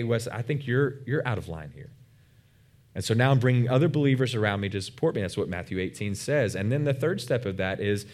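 A man's voice: medium pitch, darkish tone. A man preaching a sermon as a pastor, earnest and emphatic, with frequent fillers and restarts.

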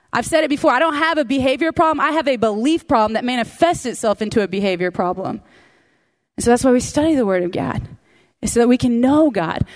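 A woman teaching a conversational sermon, repeating key phrases for emphasis and making chatty asides to the audience. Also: fairly high pitch. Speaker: Bible teacher.

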